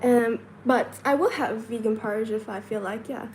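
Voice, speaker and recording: A Chinese woman hosts a casual livestream from a hotel room, counting aloud, answering chat questions, and laughing often. Her voice sits fairly high and moves at a moderate pace over a noisy background.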